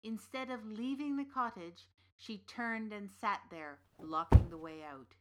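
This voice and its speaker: A woman playing an old witch who narrates a folktale in a measured, deliberate way. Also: medium pitch, background noise, natural voice. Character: old witch storyteller, knowing and dry. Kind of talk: scripted storytelling narration.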